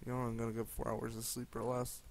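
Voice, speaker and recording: A man's voice: medium pitch, monotone, quick pace, vocal fry. A young man talking casually to the camera late at night, loose and profane, half talking to himself. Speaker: vlogger. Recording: loud background noise.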